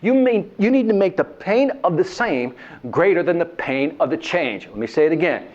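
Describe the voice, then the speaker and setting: A man delivers a lively sales training talk, and his voice rides fairly high with wide swings in pitch. He acts out the people he describes. The recording sounds dull and lo-fi. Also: normal speed. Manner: animated, acts out whining voices and characters. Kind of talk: motivational sales talk with a told story.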